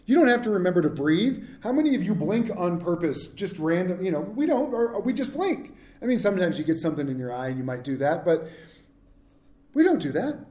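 A man's voice: high voice, big pitch swings, brisk, a little mellow. Joking man preaching in an echoey room. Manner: humorous, conversational, asks the congregation questions. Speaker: pastor. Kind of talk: sermon.

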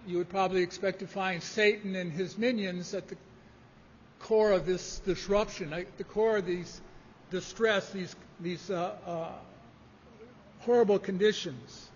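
A man preaching a sermon, measured and emphatic in delivery. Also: high-pitched, fairly even intonation, a little hiss or hum. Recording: dull lo-fi audio in a reverberant hall.

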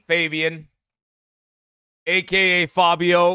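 Man, pastor, casual livestream chat, giggly, bright voice, dry close sound. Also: high-pitched, slow, pauses often, smooth, no echo. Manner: giggly, laughs often, goofy. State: slightly strained voice.

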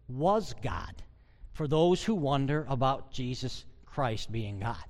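A man preaching a sermon as a pastor, emphatic and swinging between loud declarations and quiet asides. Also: fairly high pitch, sing-song, measured pace, in a large hall.

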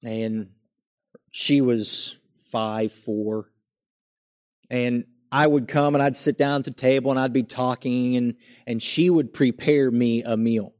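A young adult man preaching a sermon, earnest and emphatic, building up his lines and then dropping to a quiet, settled tone. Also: medium pitch, fairly even intonation, slow pace.

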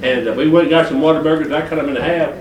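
A man's voice: on the high side, steady tone, fast, muffled recording. An older man from Detroit preaching a folksy, colloquial sermon full of rambling stories and chuckles. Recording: echoey hall from far off.

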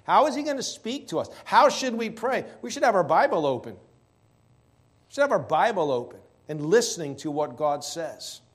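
A man preaching a sermon, stressing key words slowly and asking rhetorical questions. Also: high voice, sing-song.

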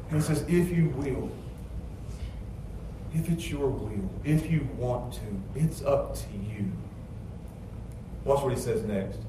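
A man preaching a sermon, moving between quiet, low storytelling and loud, emphatic passages. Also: takes it slowly, pauses often, background noise. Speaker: pastor. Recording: echoey church sound from a distance.

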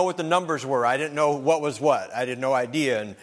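A man's voice: medium pitch, a little fast, few pauses, fairly bright tone. A man preaching a sermon, telling folksy stories and rising into emphatic appeals. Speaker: pastor. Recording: long hall reverb.

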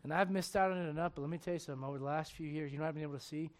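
A man's voice: a little high, steady tone, very fast. Emphatic preaching pastor, a man. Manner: emphatic, conversational preaching with loud bursts and direct questions. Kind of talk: sermon.

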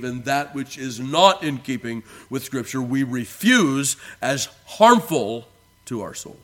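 A male pastor delivering a sermon in a mid-pitched voice. He leans hard into important words and lets the ends of phrases fall away softly. When he reads scripture, his voice climbs and declaims. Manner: earnest preaching, rising for emphasis and dropping soft at phrase ends.

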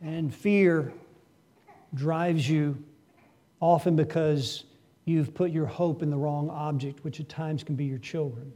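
A man's voice: on the high side, fairly even intonation, slow pace, warm tone. A man preaching a sermon earnestly, asking his listeners questions and suddenly raising his voice for emphasis. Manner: asks the congregation rhetorical questions. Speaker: pastor.

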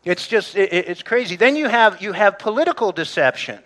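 Man, middle-aged, pastor, sermon, conversational asides, bright tone. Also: high-pitched, animated, fairly quick. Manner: conversational preaching, frequent restarts and asides to the congregation.

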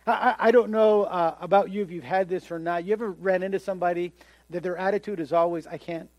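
A man delivers a sermon with a high, lifted voice. He is animated, slipping into the voices of the people he quotes and stumbling over repeated words as he gets carried along. The sound is dry and close, with no room around it. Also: quick pace, no echo, highs cut off. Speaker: pastor.

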